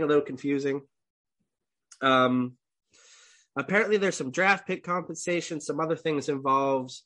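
A man's voice: on the high side, measured pace, long pauses, fairly bright tone. Congested young man. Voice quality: swears freely, clears throat often. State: congested, coughing. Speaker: podcast co-host. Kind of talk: casual chat.

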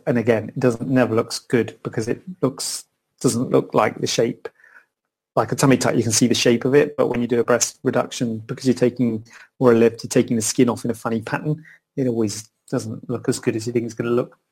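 A man's voice: medium pitch, darkish tone. A middle-aged man, a plastic surgeon, answering questions in a rambling, chatty live session from his computer. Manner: chatty, rambling, self-interrupting. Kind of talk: live Q and A chat.

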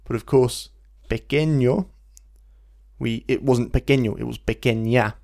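A man, teaching a Spanish lesson in a relaxed podcast style, explaining patiently and slowing down to model phrases. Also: mid-range voice, creaky. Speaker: language teacher.

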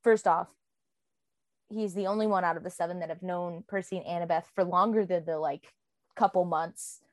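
A woman with a fairly low, fairly even voice co-hosts a podcast, chatting casually about a book at a normal speed. She rambles and fills her talk with lots of "um" and "like." There's no echo in the recording.

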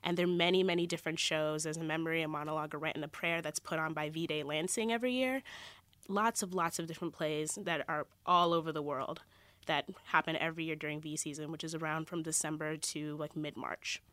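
A woman's voice: low voice, steady tone, a little fast, fairly bright tone, dry recording. A young woman, a student organizer speaking earnestly and passionately as a guest in a radio interview. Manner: earnest and passionate, talks in long flowing runs. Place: radio studio.

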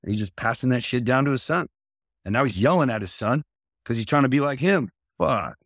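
A blunt, foul-mouthed man in his thirties on a podcast, swinging from low and flat to loud and high when he acts out other people. The sound is dry and close, with no room around him. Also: fairly quick, no room sound. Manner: blunt, profane, animated, acts out quoted dialogue. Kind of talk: casual podcast conversation.

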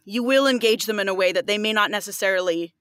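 A woman's voice: mid-range voice, quick pace, a bit bright, no echo, clean studio sound. A woman who works as a voiceover artist, talking earnestly in a casual interview and often saying "like". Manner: earnest, fillers like "like".

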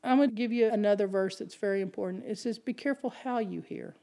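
A woman preaching a sermon, asking the congregation rhetorical questions and climbing in pitch and volume as she drives her points home. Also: quick pace. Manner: animated, rising in pitch and volume when stressing points.

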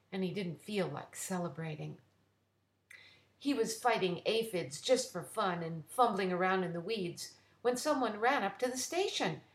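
Woman reading a children's story. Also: mid-range voice. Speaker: storyteller and writer. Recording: roomy echo.

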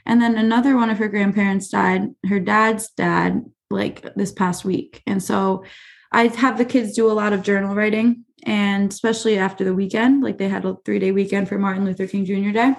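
A young woman speaks in a relaxed, chatty way, her sentences full of fillers as she tells stories from her classroom. Her voice carries a gravelly vocal fry at a middling pitch. She sounds like a teacher sitting down for a casual podcast interview. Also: moderate pace. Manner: chatty, many fillers like "like" and "you know".

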